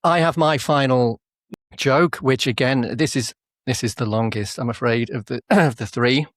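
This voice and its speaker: A man's voice: mid-range voice, normal speed, dry recording, clean studio sound. A man co-hosting a comedy podcast, chatting casually in a self-mocking way and laughing often. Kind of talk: casual chat.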